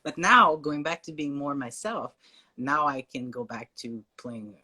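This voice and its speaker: A man with a French Canadian accent, chatting as a guest in a casual conversation, hesitant with fillers and quick to laugh. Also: fairly high pitch, bright, forceful tone.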